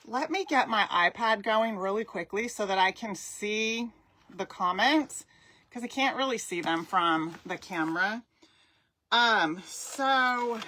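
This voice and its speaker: A woman's voice: fairly high pitch, lively intonation, takes it slowly, pushed and bright, slight background noise. A middle-aged woman from Southern California, chatting enthusiastically with viewers as she teaches a live crafting tutorial. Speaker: craft instructor.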